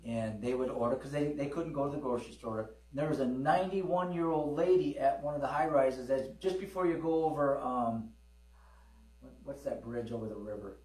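A middle-aged pastor preaches in a church hall, sharing personal testimony in a folksy storytelling style and calling for amens in call-and-response with his congregation. His voice is mid-range and darkish, at a moderate pace. The hall sounds roomy, the mic is distant, and mains hum runs underneath.

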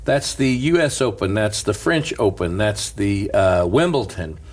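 A middle-aged man, a pastor, telling a story in an animated, preacher-like way and laughing as he goes. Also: fairly low pitch, unhurried. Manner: lively, laughs through stories, preacher's cadence.

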